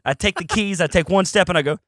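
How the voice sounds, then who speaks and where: A man's voice: high voice, quick pace, no room sound, clean studio sound. A young man hosting a podcast, telling a story in casual, profane chat and acting out the quotes in other voices. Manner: animated, profane, acts out quotes in shifting voices. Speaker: podcast host.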